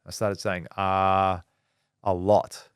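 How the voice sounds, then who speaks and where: Male podcast co-host, low voice, dry room, casual storyteller. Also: a little fast, no echo. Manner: storytelling, quotes people in dialogue. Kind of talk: casual chat.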